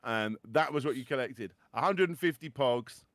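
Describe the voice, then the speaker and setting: A man's voice: medium pitch, expressive, moderate pace, a bit bright, no echo, clean studio sound. A middle-aged man hosting a podcast in casual chat, stammering into restarts and joking dryly. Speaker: podcast host.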